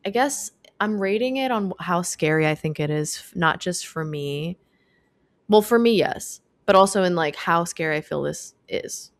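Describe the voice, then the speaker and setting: A woman's voice: fairly low pitch, expressive, moderate pace, no room sound. A young woman co-hosting a podcast, chatting casually and thinking aloud with lots of restarts. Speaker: podcast co-host. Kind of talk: casual chat.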